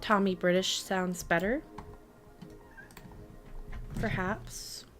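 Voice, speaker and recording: A young woman in her twenties chats casually through a live gaming stream at her home computer. Her voice sits at an everyday middle pitch, and she keeps up a loose running talk with her chat and her cat. Keyboard typing clicks behind her. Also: fairly even intonation, extremely slow, soft background music. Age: 20s. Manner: chatty, talks to her cat and reads chat.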